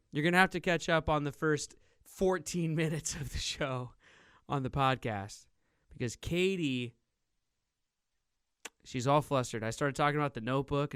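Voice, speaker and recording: A man hosting a radio talk show, bantering casually and rambling in an animated, teasing way. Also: medium pitch, smooth.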